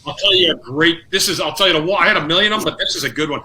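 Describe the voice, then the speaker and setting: A middle-aged man, a former hockey player, telling lively anecdotes on a podcast, acting out quotes and laughing often. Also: a little high, racing, low-quality recording. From Canada. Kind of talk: casual storytelling.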